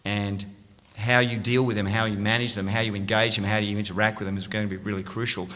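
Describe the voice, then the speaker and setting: A man's voice: on the low side, level tone, fast, bright, forceful tone. Australian man presenting in an echoing hall. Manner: upbeat, engages audience with questions. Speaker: conference speaker. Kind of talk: conference presentation. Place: large conference room. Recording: reverberant hall.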